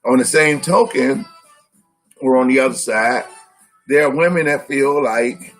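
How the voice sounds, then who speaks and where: A man's voice: mid-range voice, unhurried, fairly bright tone, soft background music. A man co-hosting a live-stream discussion, teaching by asking his listeners rhetorical questions.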